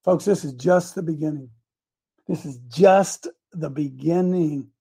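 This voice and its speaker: High-pitched male preacher, fiery sermon, shouts then murmurs. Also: a little slow, vocal fry, slightly rough. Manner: shouts peaks, then drops to soft asides. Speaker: preacher addressed as coach.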